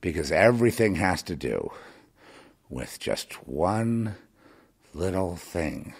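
A man's voice: low-pitched, big pitch swings, slow pace, vocal fry, husky. A man hosting a podcast monologue, rambling and impassioned, sarcastically scolding his listener, with many restarts. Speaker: podcast host.

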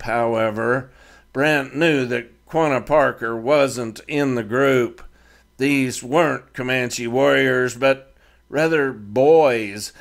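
A man narrating his own Western fiction chapter in a measured storytelling read. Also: mid-range voice, gravelly. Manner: slow, measured reading of fiction. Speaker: author and narrator. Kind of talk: scripted narration.

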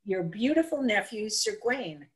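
A woman storyteller voicing a bold, cheerful hag lady who speaks bluntly and demands her way, her voice sometimes lifting high. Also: lively intonation, normal speed, natural voice, rough recording. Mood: demanding.

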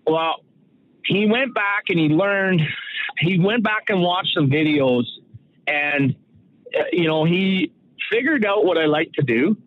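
Middle-aged man from Saskatoon, rambling storyteller with a slightly high voice, dry, tinny phone-line sound. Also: expressive, unhurried, no room sound. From Saskatoon, Canada. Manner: rambling, full of fillers and restarts, acts out quoted voices. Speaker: guest, former pro hockey enforcer. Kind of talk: casual storytelling interview.

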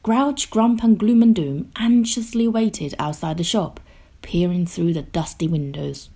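A woman reading a children's picture book aloud, slow, gentle and expressive, sometimes dropping to a hush. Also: fairly low pitch, husky. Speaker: storyteller.

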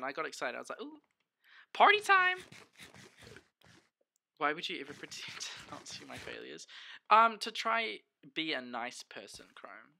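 Gravelly, bright-voiced young man streaming a game. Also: fairly high pitch. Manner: chatty, sweary, bursts of excited exclamations; talks to the chat and himself as he plays. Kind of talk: casual gameplay commentary.

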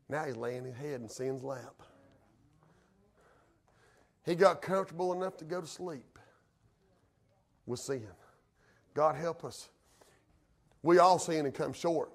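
A male pastor, preaching a sermon in a folksy way that rises to fervent emphasis. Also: on the high side.

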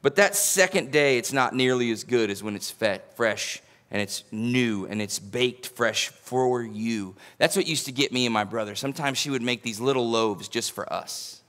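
A man preaches, mid-pitched and conversational. He tells homely stories and jokes with his congregation, folksy and sincere. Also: normal speed, few pauses, a bit bright. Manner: folksy storytelling with humor. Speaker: pastor. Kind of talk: sermon. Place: church sanctuary.

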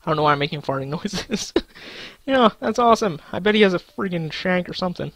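A man's voice: high voice, expressive, brisk, creaky, a bit bright, dry recording. A young man in casual live-stream commentary, goofy and crude, talking to himself and his chat with sudden silly outbursts. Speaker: gaming streamer.

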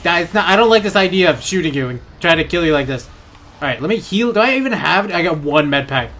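A young man with a high, bouncy voice comments on a horror game he's playing. He gets excited fast, swears a lot and shouts at the monsters on screen. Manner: excitable, swears often, yells at enemies. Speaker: gaming YouTuber. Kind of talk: let's play commentary.

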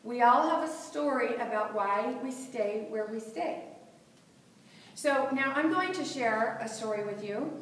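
A middle-aged woman giving a motivational talk to a live audience, animated and laughing often as she acts out inner voices. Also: a little high, a little slow. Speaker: motivational speaker. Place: seminar room with audience. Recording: echoey hall, voice from far off.

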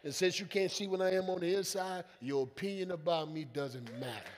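A man preaching a sermon as senior pastor, calling out to his congregation and building to loud emphatic lines, voicing quoted people in casual vernacular. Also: high voice, brisk, slight background noise. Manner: acts out quoted voices in conversational vernacular. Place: church sanctuary. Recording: long reverb of a church hall.

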